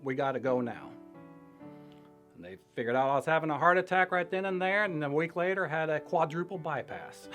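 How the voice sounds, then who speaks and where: An older man sharing his personal faith testimony in a halting, reflective way, with pauses and short laughs between thoughts. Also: fairly high pitch, fairly bright tone. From Illinois, US. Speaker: church member sharing testimony.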